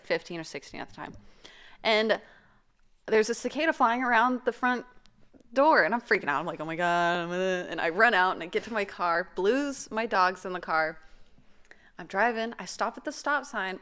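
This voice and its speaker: A woman's voice: medium pitch, normal speed. A woman in her twenties, a podcast co-host in casual chat, telling stories animatedly with lots of "like" and swearing. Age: 20s. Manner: animated storytelling, frequent swearing and "like".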